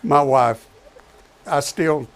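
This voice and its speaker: A man's voice: fairly high pitch, drawn-out words. A man who is a professional truck driver, talking casually and repeating his key points for emphasis. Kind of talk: casual talk show chat.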